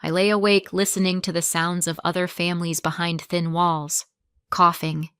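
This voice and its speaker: A woman narrating a first-person dramatic story, earnest and quietly tense, on a close mic. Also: fairly low pitch, little pitch movement, normal speed, clear, resonant tone, no echo.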